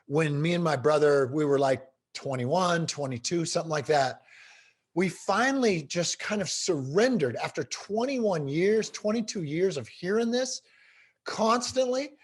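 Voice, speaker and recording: A middle-aged man telling stories as an interview guest, animated and emphatic. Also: on the high side, moderate pace. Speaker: guest speaker. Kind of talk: storytelling in a podcast interview.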